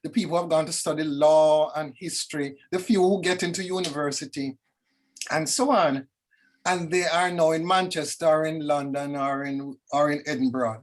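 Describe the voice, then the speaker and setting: Woman, discussion guest; animated, reflective, dramatic asides; video call. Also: sits low. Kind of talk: reflective conversation.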